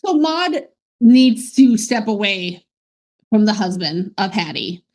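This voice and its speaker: A woman's voice: mid-range voice, sing-song, slow, a little mellow. A woman co-hosting a podcast, chatting casually and laughing often as she recaps an old sitcom episode. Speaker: podcast co-host.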